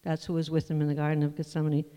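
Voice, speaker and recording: A preacher delivers a sermon in a mellow, warm voice, talking through scripture in an easygoing, conversational way. The sound carries a long reverb, as if in a large hall. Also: mid-range voice, monotone, clean tone. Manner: conversational, unhurried Bible teaching with asides.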